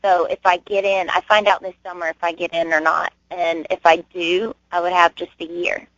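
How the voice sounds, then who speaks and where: A woman's voice: lowish voice, little pitch movement, moderate pace, a bit bright, no room sound. A young woman being interviewed as a guest, telling rambling stories with lots of giggles and fillers. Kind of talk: casual interview chat. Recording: muffled dry web radio audio.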